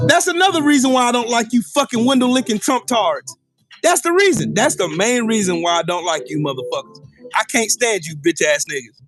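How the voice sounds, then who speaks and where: A man's voice: very high voice, very animated, a little fast, a bit bright, faint music behind. A man hosting a livestream, in a furious, profane political rant, taunting viewers with repeated questions. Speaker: livestream host.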